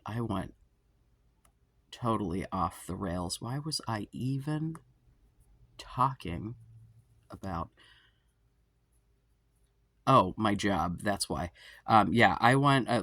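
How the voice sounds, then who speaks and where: A man's voice: fairly low pitch, a bit bright, dry recording. A man in his forties hosting an advice show, talking in a casual, rambling monologue. He swears freely, makes fun of himself and keeps drifting off topic. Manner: profane, self-deprecating, tangent-prone. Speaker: advice podcast host.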